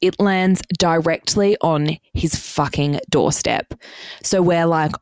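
A young woman hosts her podcast with a low, gravelly voice that keeps sinking into fry. She rambles casually through her stories, swearing freely and filling every pause with "like." The sound is dry and close, with no room around it. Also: a little mellow, dry recording. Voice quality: vocal fry. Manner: chatty, sweary, heavy use of "like". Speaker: podcast host. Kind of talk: casual storytelling monologue.

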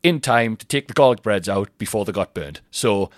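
A man's voice: lowish voice, lively intonation, normal speed, no room sound, clean studio sound. A man in his thirties hosting a podcast, telling rambling, self-mocking stories with lots of restarts. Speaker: podcast host. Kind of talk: casual comic monologue.

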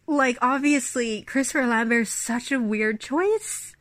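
A woman's voice: fairly high pitch, a little slow, a bit bright, no echo. A woman giving a casual, incredulous and laughing spoken review of a film. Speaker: listener sending a recorded review.

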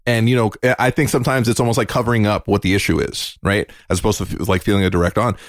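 A man's voice: fairly low pitch, steady tone, fast, no echo, studio quality. A man hosting a podcast, frank and joking but reflective in casual conversation. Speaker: podcast host.

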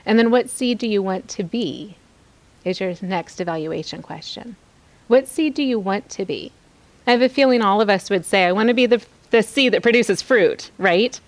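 A woman gives devotional teaching in a middle-pitched voice. She presses her points by repeating phrases and mixes in candid, confiding asides. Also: moderate pace. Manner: earnest, exhorting, repeats phrases for emphasis. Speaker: podcast host teaching scripture.

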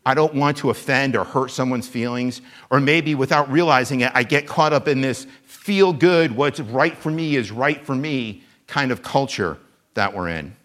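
A man preaching a sermon as a guest preacher. He speaks in a conversational, animated way and pokes fun at himself. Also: mid-range voice, moderate pace. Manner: conversational, animated, self-deprecating.

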